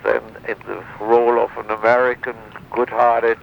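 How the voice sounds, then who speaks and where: An older man, a former wartime interrogator, recounting memories in an interview, halting with many fillers and restarts. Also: mid-range voice, little pitch movement, creaky. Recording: dull lo-fi sound with faint noise.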